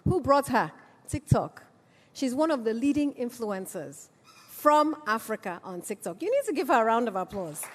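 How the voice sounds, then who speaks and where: High-voiced woman speaking in an echoey hall. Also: very animated, normal speed, slight background noise. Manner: persuasive, rallying, rhetorical questions. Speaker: conference speaker. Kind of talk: conference speech.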